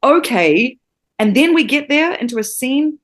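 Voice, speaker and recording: A woman's voice: high-pitched, lively intonation, unhurried. Passionate woman teaching acting. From New Zealand. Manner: passionate and emphatic, swears freely. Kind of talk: podcast interview.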